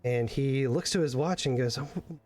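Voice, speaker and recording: A man's voice: mid-range voice, normal speed, darkish tone, faint music behind. A man narrating as game master, rambling with many fillers and restarts.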